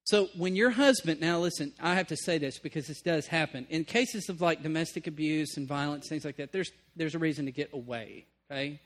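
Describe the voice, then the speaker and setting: A man preaching a sermon, moving between emphatic bursts and hushed asides, often checking in with the room. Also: on the high side, fairly quick, hardly any pauses. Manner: conversational, checks in with listeners. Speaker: pastor.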